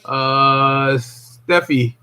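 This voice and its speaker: A man's voice: medium pitch, fairly even intonation, extremely slow, pushed and bright, slight background noise. An older man hosting a casual livestream, rambling and repeating himself while greeting viewers. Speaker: livestream host.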